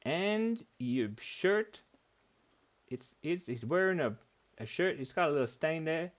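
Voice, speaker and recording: A man's voice: on the high side, expressive, slow. A man hosting a live drawing class for kids, talking playfully while he draws and making goofy wordplay.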